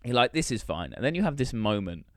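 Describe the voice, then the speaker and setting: A young man tells a story at a fast clip on a podcast, swearing freely and acting out each line of dialogue. His voice sits at an ordinary pitch and is recorded close and dry, with no room sound. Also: very animated, no echo. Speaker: podcast co-host. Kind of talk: casual chat, storytelling.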